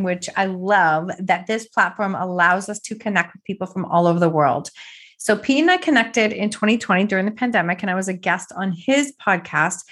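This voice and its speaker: A woman's voice: medium pitch, fairly bright tone. A woman hosting a podcast interview as a business coach, talking with effusive enthusiasm.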